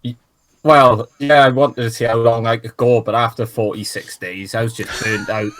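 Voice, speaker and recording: A man's voice: medium pitch, steady tone, normal speed, fairly bright tone, no echo. Laid-back man from Wales, dry sound. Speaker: podcast guest. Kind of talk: casual chat.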